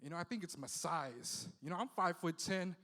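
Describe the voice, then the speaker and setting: A man of Philippine heritage from the Bay Area does a loose, profane stand-up set in a comedy club, sprinkling "you know" throughout. He speaks into a handheld stage mic, and the live room carries long reverb. His voice is on the high side, animated, fairly quick, bright and forceful.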